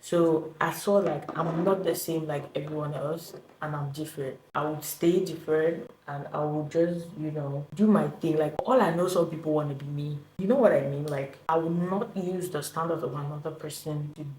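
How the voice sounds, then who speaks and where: A woman's voice: low voice, moderate pace, few pauses, darkish tone. A young woman, a content creator, chatting casually on her vlog and often asking "you get what I mean?". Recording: echoey room, faint background noise.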